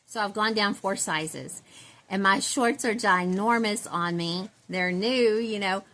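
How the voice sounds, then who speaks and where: Mid-range and a bit bright, this woman's voice moves at a measured pace. She's a doll-collecting vlogger from Central Texas who calls herself a country girl, rambling and chatting casually to her viewers and laughing often.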